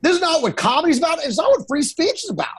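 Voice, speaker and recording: A man co-hosting a comedy podcast, chiming in with quick, profane jokes and casual banter. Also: very high voice, sing-song. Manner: quick, profane, laughing interjections.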